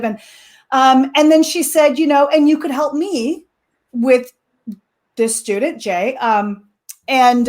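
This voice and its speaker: A middle-aged woman telling a lively classroom story in a casual talk, with many fillers and quick laughs. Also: high-pitched. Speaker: co-teaching expert guest.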